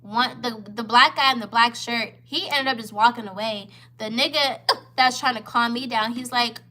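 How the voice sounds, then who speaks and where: A woman's voice: fairly high pitch, moderate pace, bright, forceful tone. A woman in her twenties, a vlogger telling a heated, profane storytime to camera, upset and near tears. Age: 20s. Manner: heated, profane, emphatic retelling.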